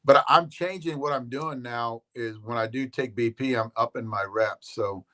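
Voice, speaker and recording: A man talking in easygoing, rambling chat as a regular guest on a live stream. His pitch sits right in the middle of the range for men. He drifts from point to point, restarts his sentences and drops in casual curses. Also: normal speed, a bit bright. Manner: rambling, laid-back, swears casually, repeats words.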